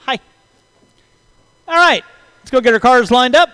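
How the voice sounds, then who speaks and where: A man with a very high, smooth voice announces a hobby race. He is brisk and jokey, reeling off driver names in quick runs, and the sound is close and dry. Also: pushed and bright, dry recording, rough recording. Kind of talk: live race commentary.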